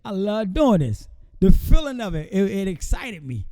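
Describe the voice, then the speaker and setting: Man in his thirties, slangy casual storyteller, fairly high pitch, very dark tone. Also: moderate pace, dry recording. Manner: animated street slang, frequent "you feel me". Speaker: podcast guest.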